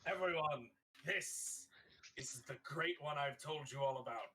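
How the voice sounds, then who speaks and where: A man's voice: a little high, a little slow, sharp tone, a little hiss or hum. A man voicing a grandiose, party-loving male hero with a claw hand, speaking in theatrical, pompous oratory. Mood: boastful.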